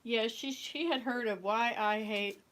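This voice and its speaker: A woman's voice: a little high, a little slow, fairly bright tone, slight background noise. A woman host reading a book aloud casually, chatty and correcting her own slips, at times munching a cookie. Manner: chatty, stumbles and corrects herself; talks around a cookie.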